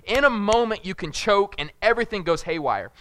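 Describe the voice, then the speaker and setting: A young man preaching a casual sermon, telling rambling, jokey family stories and loudly acting out moments of panic. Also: sits high, animated, a little fast, dry recording. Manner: jokey, rambling storyteller who shouts acted-out panic. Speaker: pastor.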